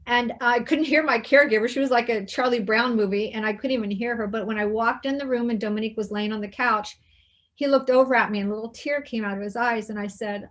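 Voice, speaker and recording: Woman host, slightly high voice, quiet heartfelt storytelling with quoted lines. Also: fast. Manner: soft, hushed retelling with quoted dialogue. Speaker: interview host. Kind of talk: personal storytelling in conversation.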